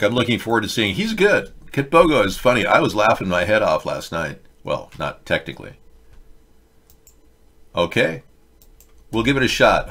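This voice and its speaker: A man's voice: deep voice, fairly bright tone. A man hosting a casual political commentary livestream, reading chat with rambling, sarcastic asides.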